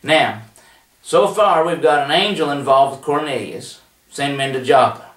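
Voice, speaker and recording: A man teaches a Bible study in a homespun, conversational way, stumbling over fillers and restarts as he goes. His voice sits a touch higher than most men's. He sounds slightly off-mic, and the room echoes around him. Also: normal speed, fairly bright tone. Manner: folksy, plainspoken, with frequent fillers and restarts. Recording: roomy echo, voice a bit distant from the mic.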